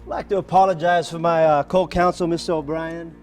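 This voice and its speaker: An actor playing a slick defense lawyer who questions a witness in court. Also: male voice, on the high side, steady tone, a little fast, darkish tone, faint music behind, close to an everyday voice. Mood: probing. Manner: smooth, probing, mocking. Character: slick male defense lawyer cross-examining.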